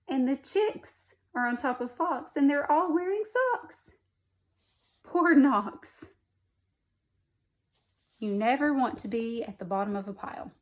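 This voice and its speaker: Woman teacher reading aloud to young kids; unhurried, slightly high voice, gentle asides. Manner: gently comments on pictures and asks children questions. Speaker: first grade teacher. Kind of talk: reading a picture book aloud to children.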